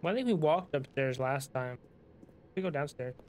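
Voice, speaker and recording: A man's voice: fairly high pitch, expressive, normal speed, darkish tone, slight background noise. Laid-back man reacting to a game. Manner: amused, laughing reactions. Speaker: gameplay commentator. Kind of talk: casual let's-play commentary.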